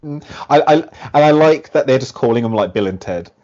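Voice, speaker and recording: Man, podcast guest, animated rambling delivery, mid pitch, muffled lo-fi audio. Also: a little fast. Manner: animated, rambling, heavy use of "like". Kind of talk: casual chat.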